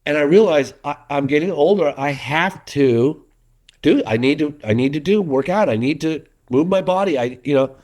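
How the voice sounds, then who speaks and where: Animated middle-aged man telling stories. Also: fairly high pitch, normal speed. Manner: animated storyteller, many restarts, acts out quotes. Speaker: documentary filmmaker. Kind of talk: casual interview talk.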